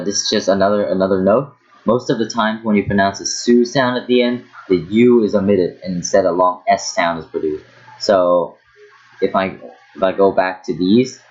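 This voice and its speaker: Low-voiced man teaching with halting repeats. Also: darkish tone. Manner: halting, repeats words while demonstrating pronunciation. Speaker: language teacher. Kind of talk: casual online lesson. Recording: dull lo-fi sound with hair dryer noise behind. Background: hair dryer noise.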